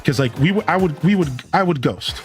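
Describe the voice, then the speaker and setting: A man's voice: on the high side, animated, fairly quick, faint music behind. A man in his thirties, a live streamer chatting casually while playing a game and telling rambling, candid stories full of restarts. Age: 30s. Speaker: live streamer and show host.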